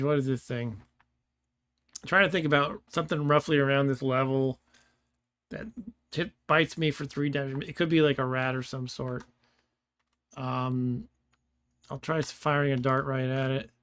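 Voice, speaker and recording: A man's voice: medium pitch, steady tone, moderate pace, pauses often, a bit bright, clear, resonant tone. A man giving casual let's-play commentary, thinking aloud and laughing often, with keyboard clicks behind him. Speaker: gameplay streamer.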